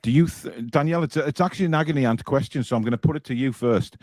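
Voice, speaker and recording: A man's voice: mid-range voice, fast talker, a little mellow, no echo. Teasing man hosting a live show. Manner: teasing, jokey, reads comments aloud. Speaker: host reading viewer comments. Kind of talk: casual banter on a live fan show.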